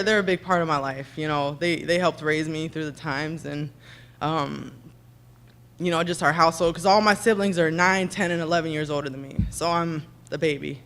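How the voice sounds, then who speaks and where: A woman's voice: sits low, a bit bright. Chatty woman giving an acceptance speech. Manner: rambling, chatty, self-deprecating, thanks people by name. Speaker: hall of fame inductee giving a speech. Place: ceremony breakfast in a banquet room.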